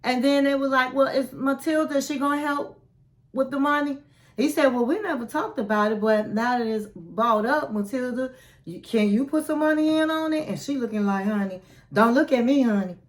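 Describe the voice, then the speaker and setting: A woman with a fairly high voice gives a chatty recap of a reality show. She acts out each quote in an animated way. Between the quotes she adds blunt comments of her own. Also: moderate pace. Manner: animated retelling, acting out quotes, chatty asides. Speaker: recap vlogger.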